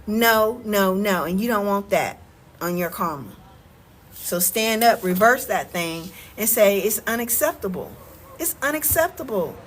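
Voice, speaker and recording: A woman's voice: medium pitch, measured pace, a little hiss or hum, low-quality recording. A middle-aged woman with a Southern US accent talking casually on a phone livestream, emphatic and repeating words, often asking "okay?". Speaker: vlogger and relocation coach. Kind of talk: casual livestream talk to viewers.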